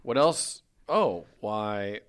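A man's voice: fairly low pitch, animated, extremely slow, clean tone. Jokey rambling male podcast host. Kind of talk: casual chat.

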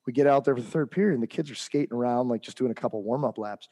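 A man's voice: medium pitch, very fast, dark tone. A man co-hosting a hockey podcast, telling a heated coaching story in casual chat with lots of fillers and restarts.

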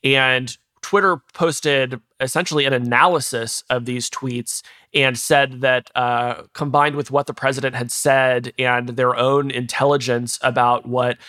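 A man, a tech journalist, explaining events in a measured way as an interview guest. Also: mid-range voice, steady tone, pushed and bright.

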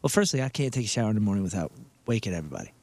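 A man co-hosting a morning radio show, animated and defensive, with stammering restarts. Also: on the low side, racing. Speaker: radio co-host. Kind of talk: casual morning radio banter.

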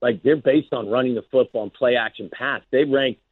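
A man's voice: medium pitch, fairly quick, slightly rough, dry recording. A man, a former wide receiver, talking football as a guest on sports radio in a plainspoken, earnest way. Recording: dry phone line.

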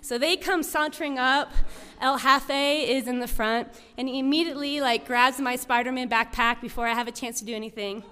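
A woman's voice: high voice, fairly even intonation, a little fast, sharp tone, smooth. A woman telling a personal story to an audience, in a chatty way full of "like" and "um". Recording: long reverb of a hall.

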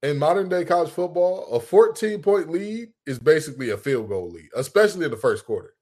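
A man co-hosting a casual sports podcast, joking and trash-talking in an animated, playful way. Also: a little high, brisk. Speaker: podcast co-host.

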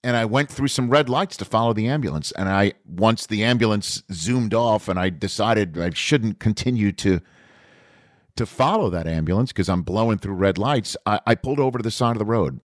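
Deep-voiced man hosting a podcast. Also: moderate pace, no echo, studio quality. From Staten Island, New York. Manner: relaxed, rambling, with small restarts. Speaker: podcast host. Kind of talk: conversational podcast storytelling.

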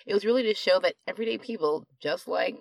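A woman's voice: mid-range voice, fast, vocal fry, a little mellow, dry recording. A woman with a lisp co-hosting a casual meditation podcast, speaking in an upbeat, playful way with slang. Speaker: podcast co-host. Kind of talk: casual chat.

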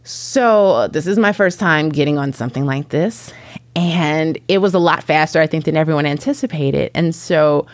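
A woman in her thirties from Chicago, telling a self-mocking story in an animated, casual way. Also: low voice, normal speed, no room sound. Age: 30s. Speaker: podcast guest.

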